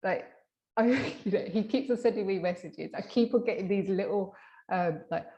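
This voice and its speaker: A woman hypnotherapist in a casual interview, telling a client story with lively acted-out quotes and frequent restarts. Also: mid-range voice, moderate pace, slight background noise. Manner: animated, acts out quoted dialogue; many fillers and restarts. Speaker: hypnotherapist guest.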